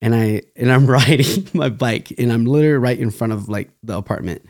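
A man's voice: medium pitch, a little fast, a little mellow. A young man from California, a dancer, telling stories loosely in a casual interview, laughing and restarting often. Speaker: podcast guest, dancer.

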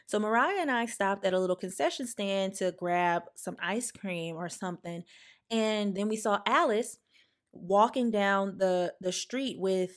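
A young adult woman hosting a podcast, telling a personal story with emphatic, animated delivery. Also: mid-range voice. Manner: animated, emphatic, acts out quoted lines. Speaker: podcast host.

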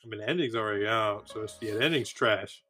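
A man's voice: on the low side, fast, pushed and bright, soft background music. A man in casual chat, teasing and nostalgic in a laid-back way.

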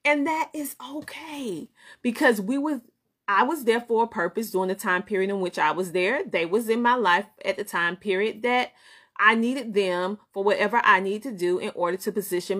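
A woman's voice: medium pitch, fairly bright tone. A middle-aged woman with a Southern American accent, a business coach and host giving a motivational live-stream talk, preachy and emphatic, repeating phrases for effect. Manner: greets viewers by name and laughs easily.

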